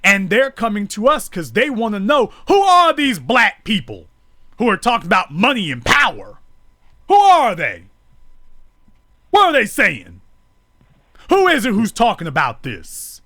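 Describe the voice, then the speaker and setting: Fiery, high-pitched preaching man. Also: wildly swooping pitch, unhurried, long pauses, sharp tone, dry recording, studio quality. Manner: emphatic, preachy, repetitive rhetorical build-ups. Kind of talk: fiery live-stream monologue. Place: streamed live.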